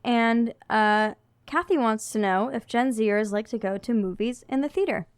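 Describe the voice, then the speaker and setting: A young woman co-hosting a chatty podcast, her voice bright and very clear, a little high, leaning on "like" as she talks. The recording is dry and close, with no room sound. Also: moderate pace, dry recording. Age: young adult. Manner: chatty, full of "like", mimics voices in anecdotes. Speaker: podcast co-host. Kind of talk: casual chat.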